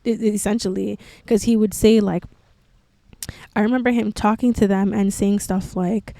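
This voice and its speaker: A young woman hosts a podcast and tells her own story candidly, scattering "like" all through her speech. Her medium-pitched voice is warm and level, her pace is moderate, and the recording is dry.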